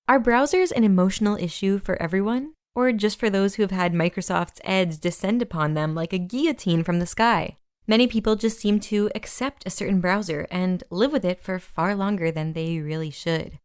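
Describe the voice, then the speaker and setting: A woman hosting a community podcast, reading a weekly roundup of announcements and long lists in a brisk scripted way. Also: mid-range voice, clear, resonant tone, dry recording, clean studio sound. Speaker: podcast host.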